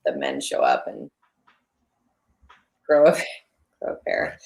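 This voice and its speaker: A woman's voice: very deep voice, wildly swooping pitch, takes it slowly, creaky, darkish tone. A woman from Florida, a podcast guest in casual chat, blunt and outspoken.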